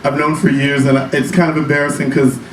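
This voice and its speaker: A man with a high, bright voice doing sassy, profane stand-up in a small club. He is miked from a distance, so the voice sounds roomy. Audience laughter and chatter run underneath. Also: little pitch movement, a little hiss or hum. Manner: sassy, profane storytelling with quick asides. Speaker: stand-up comedian. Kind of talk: one-man comedy show. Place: small cabaret club stage.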